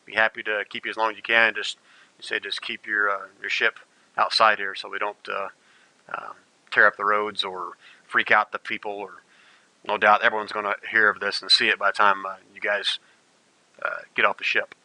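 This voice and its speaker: Game master, male, crisp dry sound, meandering delivery. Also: lowish voice, level tone, normal speed, sharp tone, no room sound, low-quality recording. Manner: rambling, many uh fillers. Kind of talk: narrating a tabletop game.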